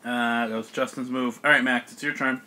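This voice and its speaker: A man's voice: mid-range voice, steady tone, fairly quick, background noise. A young man narrating as game master of a tabletop game, laughing often as he describes the action.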